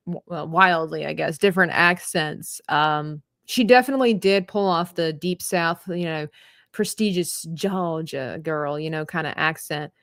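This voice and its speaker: A woman's voice: lowish voice, a bit bright, no room sound, studio quality. A woman chatting casually as she paints on a livestream, rambling and trailing off mid-thought. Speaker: livestreaming artist. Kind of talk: casual chat while painting.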